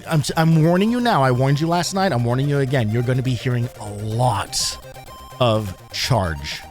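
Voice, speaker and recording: Animated, sarcastic young male streamer. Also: medium pitch. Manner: animated, sarcastic, laughs often. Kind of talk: casual let's-play commentary.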